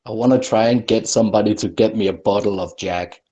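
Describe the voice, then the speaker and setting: A man's voice: fairly low pitch, fairly even intonation, a little fast, warm tone, slightly rough. A man playing a tabletop role-playing game, declaring his actions and dice rolls casually. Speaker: player. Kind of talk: tabletop gaming chat.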